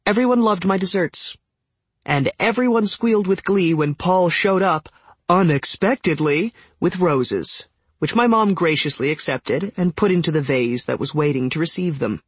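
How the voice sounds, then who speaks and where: A man's voice: high-pitched, expressive, normal speed, slightly rough, dry recording. A man reading a novel aloud in first person, with a wry, conversational storytelling manner. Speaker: audiobook narrator. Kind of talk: scripted first-person narration.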